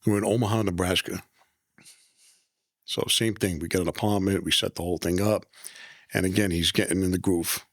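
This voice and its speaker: A man's voice: low voice, steady tone, a little fast, pauses often, dry recording, studio quality. A middle-aged man, telling rambling stories in a casual interview and often restarting his sentences. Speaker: guest, former mobster.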